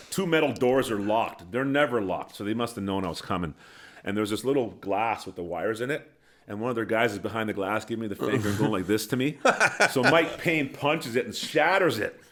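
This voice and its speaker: A middle-aged former hockey coach telling a lively anecdote as a guest on a podcast, laughing at his own story and acting out what people said, into a studio microphone. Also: on the low side, brisk. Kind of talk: animated storytelling.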